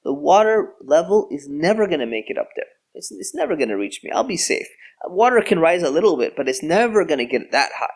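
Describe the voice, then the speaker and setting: A man's voice: a little high, big pitch swings, brisk, vocal fry, full character voice. A man playing a defiant young son, cocky, dismissive, slightly raised voice. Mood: confident. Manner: dismissive, self-assured.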